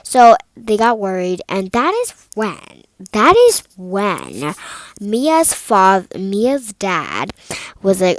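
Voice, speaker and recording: Slow, rambling young female storyteller. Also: medium pitch, big pitch swings, no echo, low-quality recording. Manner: rambling, many fillers and restarts. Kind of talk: casual improvised storytelling.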